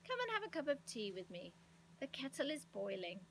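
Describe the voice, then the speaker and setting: A woman's voice: high voice, wildly swooping pitch, normal speed, creaky, heavy background noise, heavily acted. A woman voicing a fond, teasing old man who calls out heartily. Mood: delighted. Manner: hearty, calling out. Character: jolly old male friend, fond and teasing.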